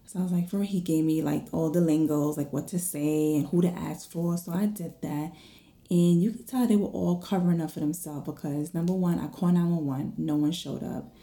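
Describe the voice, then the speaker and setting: A woman in her thirties casually telling viewers a story, animated, acting out the voices and dropping into whispers. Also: low-pitched, brisk. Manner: animated, acts out her own and others' voices, drops to whispers.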